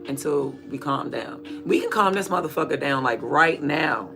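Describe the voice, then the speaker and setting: A man's voice: a little high, animated, moderate pace, over music. A man chatting casually and candidly in a rambling, slangy way while watering plants. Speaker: vlogger.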